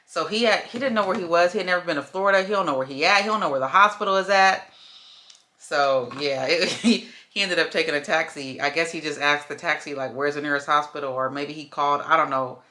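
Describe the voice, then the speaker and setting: A woman's voice: sits low, brisk, sharp tone. A woman, telling a story to viewers in a casual vlog. She acts out the voices of the people in it and calls her viewers y'all and baby. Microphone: camera while doing makeup.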